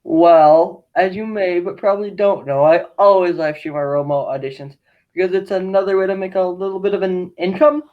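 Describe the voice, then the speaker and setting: A man playing a relaxed, scatterbrained casting assistant who talks in a casual, offhand way, over a video call. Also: high-pitched, brisk, phone-quality sound, close to an everyday voice. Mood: scheming. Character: laid-back, scatterbrained young male casting assistant.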